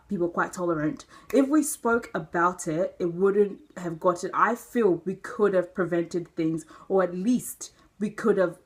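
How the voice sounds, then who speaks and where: A young woman from Nigeria living abroad, earnestly telling personal stories in a vlog monologue. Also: medium pitch. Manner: earnest, animated storytelling. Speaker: vlogger.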